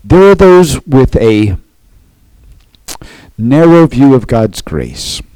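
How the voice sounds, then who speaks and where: A man's voice: medium pitch, very animated, slow, dark tone, no room sound, rough recording. A man preaching a sermon as pastor, earnest, often checking in with the congregation by asking "okay?".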